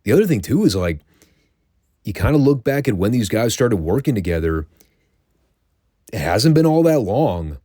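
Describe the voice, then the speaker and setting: A man's voice: fairly low pitch, big pitch swings, normal speed, long pauses, dark tone, dry recording, studio quality. A man hosting a show, giving a casual, wry recap of old wrestling episodes and swearing now and then. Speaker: podcast host reviewing classic wrestling.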